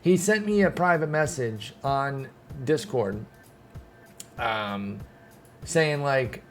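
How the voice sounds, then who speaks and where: A man's voice: mid-range voice, animated, takes it slowly, faint music behind. A young man streaming, ranting casually to his chat, heated and rambling with many restarts. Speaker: gaming streamer. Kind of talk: casual commentary to live chat.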